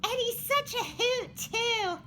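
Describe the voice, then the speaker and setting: A squeaky, gushing groundhog. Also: male voice, expressive, takes it slowly, full character voice. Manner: gushing and giddy. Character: chipper male groundhog puppet, fanboy. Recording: loud background noise with traffic.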